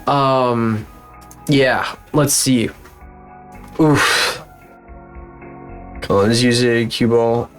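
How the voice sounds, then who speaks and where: A man's voice: mid-range voice, steady tone, drawn-out words, pauses often, a bit bright, soft background music. A man streaming live as a VTuber, rambling and cursing in frustration while still recovering from being sick. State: recovering from illness. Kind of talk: casual live-stream chat.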